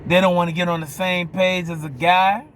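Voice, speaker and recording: A man's voice: high-pitched, flat delivery, moderate pace, fairly bright tone, a little hiss or hum. A man with a New Orleans accent giving a blunt, profane opinion monologue, often stopping to ask if you hear him. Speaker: vlogger.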